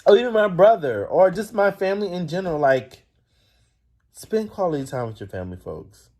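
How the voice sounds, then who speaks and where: A man's voice: fairly high pitch, very animated, normal speed, darkish tone. A man hosting his own vlog, talking in a casual, reflective and emotional way, rambling with lots of "like" and just woken up. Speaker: vlogger host.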